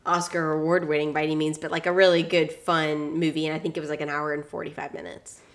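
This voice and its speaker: Low-voiced woman podcast co-host. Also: little pitch movement, fast. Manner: chatty, recounting with fillers. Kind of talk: casual chat.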